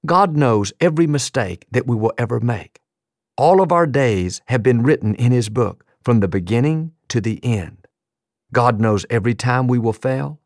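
A man's voice: medium pitch, darkish tone, dry recording. Earnest preacher man, dry close sound. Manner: earnest storytelling preacher, acts out quoted lines. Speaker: pastor. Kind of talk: sermon.

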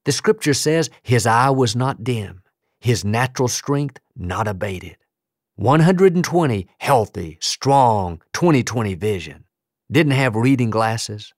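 A man's voice: medium pitch, lively intonation, slow, dry recording, studio quality. A man preaching a sermon as pastor, emphatic and building rhythmic lists of declarations.

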